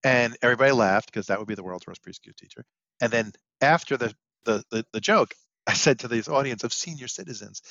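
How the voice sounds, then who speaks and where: A man co-hosting a podcast, telling a story about his improv show in a lively way. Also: mid-range voice, fairly quick, vocal fry, no echo, dull audio. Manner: animated storytelling, acts out quotes. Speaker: podcast co-host and improv performer. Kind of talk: casual storytelling chat.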